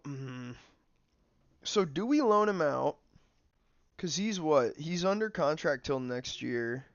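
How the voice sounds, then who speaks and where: Rambling young male streamer, gravelly, dry sound. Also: on the high side, expressive, slow, pauses often, no echo, lo-fi sound. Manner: rambling, filler-heavy, snacking while talking. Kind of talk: casual livestream commentary.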